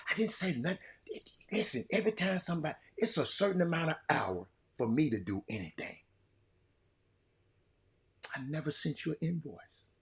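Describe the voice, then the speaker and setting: An older man with a drawl delivers a heated monologue as a show host, his fairly high voice leaping all over its range. He repeats words and swings from loud outbursts to quiet musing. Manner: fiery, repetitive, swinging from shouting to quiet. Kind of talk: impassioned monologue.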